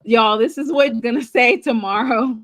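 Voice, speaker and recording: A woman's voice: fairly high pitch, normal speed, dry recording. A woman hosting a casual sports talk show late at night, laughing hard, apologizing and teasing. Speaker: show host. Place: home studio, late at night.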